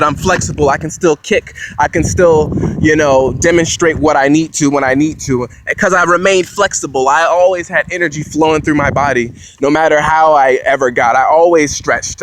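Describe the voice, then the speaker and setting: A man's voice: fairly high pitch, fairly bright tone, poor audio. Rambling young man on a phone mic. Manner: rambling, self-mocking, jumps between grand claims. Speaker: vlogger. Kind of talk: rambling monologue.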